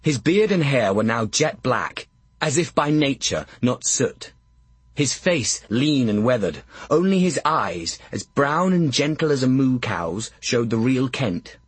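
A man's voice: mid-range voice, very animated, a little slow, husky, no room sound. A man narrating an audiobook with character voices, in a dry, wry way.

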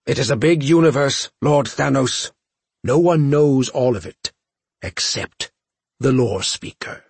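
A male narrator voicing a calm, precise insect-like alien in an audiobook, speaking in a measured, slightly husky voice. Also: mid-range voice, dry recording, voice pushed up. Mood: earnest.

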